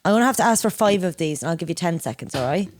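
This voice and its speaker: A young woman co-hosting a podcast, teasing and laughing as she runs a quick quiz. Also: fairly low pitch, lively intonation, a little mellow. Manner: giggly, teasing quizmaster. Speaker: podcast co-host. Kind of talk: casual chat. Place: small room, in a dinosaur costume.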